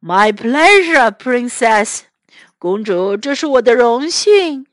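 A woman's voice: a little high, sing-song, slow pace, dry recording. A woman voicing a friendly male dragon in a kind, reassuring tone.

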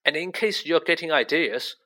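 A nervous, stuffy young wizard, put on by a man reading a storybook, quivering yet stubborn. The voice is bright and lifts and dips a great deal as he defends himself. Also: a little high, lively intonation, moderate pace, voice pushed up.

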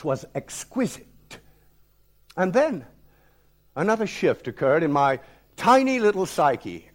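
A man in his sixties, a theatre director, performing a dramatic, declamatory personal story on stage. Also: medium pitch. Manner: dramatic, declamatory, sweeping shifts in loudness. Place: talk-event stage.

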